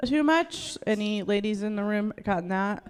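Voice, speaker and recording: A woman's voice: mid-range voice, expressive, moderate pace, smooth, in a large hall. A young woman comedian performing a stand-up set on a club stage into a handheld mic, rambling loosely, laughing, and acting out quotes.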